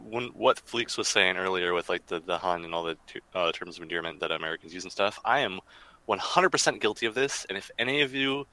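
Very deep, bright-toned man chatting. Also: quick pace, dry recording, rough recording. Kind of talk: casual group chat.

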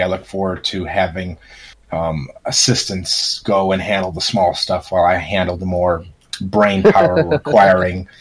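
Consultant guy on a podcast, low husky voice, practical, dry jokes. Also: poor audio. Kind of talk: casual chat.

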